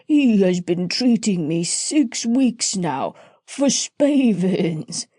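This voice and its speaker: A woman voicing an old, weary plough horse who complains slowly and plainly. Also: medium pitch, big pitch swings, warm tone, no room sound, clean studio sound, full character voice. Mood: complaining. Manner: slow, complaining, plain-spoken.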